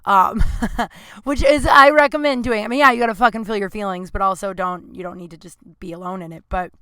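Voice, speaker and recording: A woman's voice: medium pitch, brisk, pushed and bright, clear, resonant tone, dry recording. A woman in her thirties hosting a podcast, talking candidly and rambling, swearing freely, with a sore throat. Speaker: podcast host. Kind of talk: casual chat. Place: Los Angeles.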